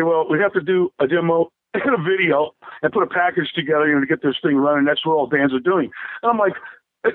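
A man with a high, light voice tells long rambling stories, chuckling and tripping over his words as he goes. It sounds like an older musician on a tinny, boxy phone line. The sound is close and completely dry. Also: breathy edge, no room sound. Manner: rambling anecdotes with frequent laughs and restarts. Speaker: rock drummer interviewee. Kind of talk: casual storytelling interview.

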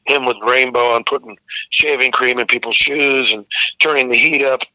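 A man's voice: mid-range voice, fairly even intonation, moderate pace, sharp tone, dry recording, rough recording. An older man, a rock vocalist, telling rambling, profane road stories in a casual interview. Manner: rambling anecdotal, frequent restarts, profane.

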